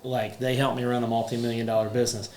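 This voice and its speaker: A roofing business owner hosts a casual podcast chat, rambling with lots of fillers and restarts. He talks fast in a slightly mellow mid-range voice with little pitch movement; the roomy echo has faint ambience and a little hiss or hum.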